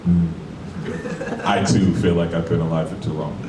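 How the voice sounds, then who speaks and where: On stage before a live audience, this forties-aged comic from Brooklyn, New York, talks in a low, steady voice, a little fast, cursing casually and tossing in rhetorical asides. The club sound is echoey and noisy, picked up from a distant mic amid laughter.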